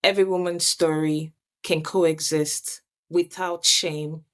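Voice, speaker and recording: A woman's voice: low voice, steady tone, slow pace. A woman hosting a reflective faith conversation, talking earnestly and searching for her words with many restarts. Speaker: host.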